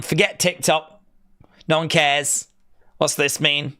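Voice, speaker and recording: A man's voice: a little high, steady tone, slow, sharp tone, clean tone. A man streaming a watch-along, chatting casually and sarcastically while reading chat aloud. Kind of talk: casual live reaction chat.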